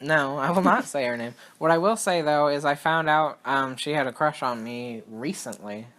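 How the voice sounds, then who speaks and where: This young man's fairly high, slightly bright voice moves at a moderate pace as he co-hosts a casual podcast. He rambles, interrupts himself mid-sentence, and laughs often.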